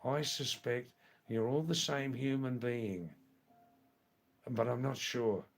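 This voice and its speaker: An older man with an Australian accent hosting a live stream, answering viewer messages one by one in an unhurried way and often repeating his words. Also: medium pitch, gravelly.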